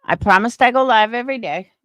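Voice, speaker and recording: A woman's voice: fairly high pitch, fast talker, fairly bright tone, dry recording, clean studio sound. A woman live streamer chatting casually with her viewers, opinionated and rambling, restarting her sentences.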